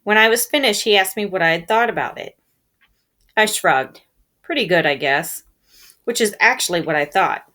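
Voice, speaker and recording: A woman reading a novel aloud, telling it in a calm first-person storytelling manner. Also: mid-range voice, fairly quick. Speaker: reader.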